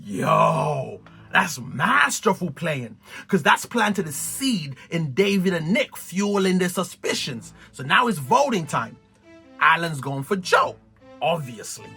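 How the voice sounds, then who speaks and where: A man giving an excited, slangy recap of a TV show, laughing and exclaiming often. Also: a little high, takes it slowly, creaky, soft background music. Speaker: TV recap vlogger.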